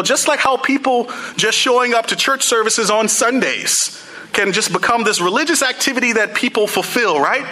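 Young guy preaching, high bright voice, chatty with lots of "you know"s. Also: rough recording. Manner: casual, conversational, many "you know" and "like" fillers. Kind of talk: sermon.

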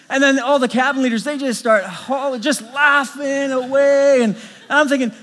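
A middle-aged man preaching a sermon as a pastor, telling stories in an animated way with many restarts. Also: extremely high pitch, moderate pace, long reverb tail.

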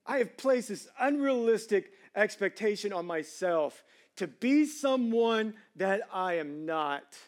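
A middle-aged pastor preaching a sermon in a casual, conversational way, with slangy fillers. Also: male voice, high voice, lively intonation, slow pace.

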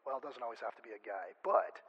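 A man's voice: mid-range voice, fast talker, breathy edge, muffled recording. A male pastor preaching a conversational sermon, chatty and joking, often stopping and restarting mid-sentence. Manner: chatty, self-interrupting, joking asides.

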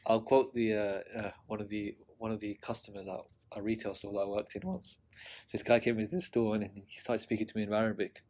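A young British man hosting a casual chat, telling stories in a relaxed way. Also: lowish voice, brisk, hardly any pauses. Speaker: podcast host.

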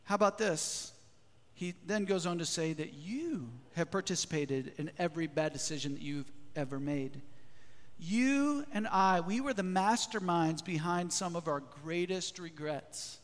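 A man preaching a sermon as a pastor in a church, lively, often putting questions to the congregation. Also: fairly high pitch, unhurried. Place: church sanctuary. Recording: long hall reverb.

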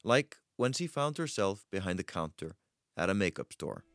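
A man narrating a short documentary profile in a measured, scripted way. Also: deep voice, very animated, a bit bright, no echo, studio quality, soft background music. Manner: measured storytelling.

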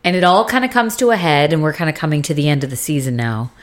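Lower-pitched woman in casual recap chat. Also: quick pace. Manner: animated retelling, acting out scenes with profanity. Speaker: podcast co-host.

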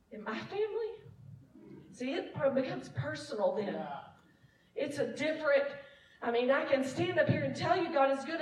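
A woman's voice: high-pitched, far from the mic, slight background noise. A woman who leads praise and worship, giving a casual, self-deprecating testimony sermon to her church and laughing often. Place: church sanctuary. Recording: echoey room, mic from afar.

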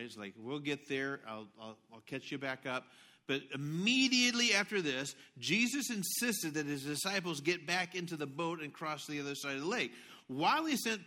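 A middle-aged man preaching a sermon as pastor, telling stories with animated swings between hushed asides and loud outbursts. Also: on the high side.

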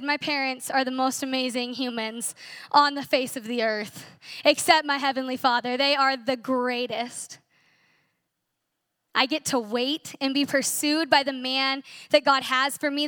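A woman in her twenties shares an earnest, emotional personal testimony at a church conference, telling her story with animation. Her voice sits high, pushed and bright, captured in clean studio sound with no echo.

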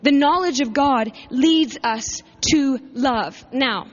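A high-pitched woman delivers a sermon as a personal testimony, acting out her past pleas with lively swings in her voice and laughing often. The recording is dull and lo-fi. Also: slow pace. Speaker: preacher. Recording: dull lo-fi sound.

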